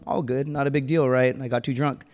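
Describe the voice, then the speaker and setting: A man's voice: medium pitch, little pitch movement, fairly quick, a little mellow, faint music behind. A man in his thirties telling a true story on stage, casual and joking, with slangy asides and chuckles. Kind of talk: live personal storytelling. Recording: reverberant hall.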